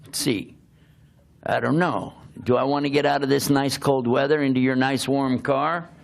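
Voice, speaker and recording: An older man, a preacher, telling a humorous personal story in an animated, self-mocking way, often laughing as he talks. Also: mid-range voice, normal speed, gravelly.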